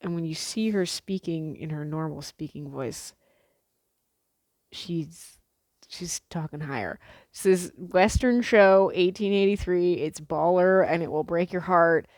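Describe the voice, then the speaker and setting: A woman's voice: lowish voice, measured pace, darkish tone, no echo, clean studio sound. A young woman from the Pacific Northwest rambling casually to camera, swearing freely, with lots of fillers and restarts. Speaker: vlogger.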